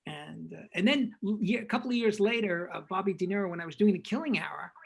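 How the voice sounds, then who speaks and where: An older man, a film director guest in an interview, telling animated anecdotes and acting out what people said. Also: high-pitched, quick pace, vocal fry, slight background noise, rough recording. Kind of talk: casual storytelling interview.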